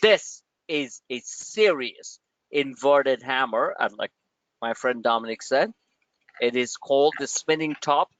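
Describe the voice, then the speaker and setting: A man hosting a livestream of market commentary, rambling and joking in an animated way. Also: medium pitch, measured pace, no room sound, muffled recording. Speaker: trading channel host.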